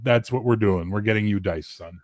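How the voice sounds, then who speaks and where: A man's voice: fairly low pitch, a little fast, no room sound. A man running a tabletop game as game master, narrating scenes loosely and correcting himself as he goes.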